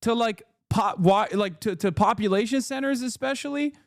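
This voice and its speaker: A man's voice: high-pitched, moderate pace, few pauses, no echo. Heated, profane male streamer on a dry mic. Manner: profane, sarcastic, heated ranting. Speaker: political commentator streaming. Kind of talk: casual live-stream commentary reacting to news.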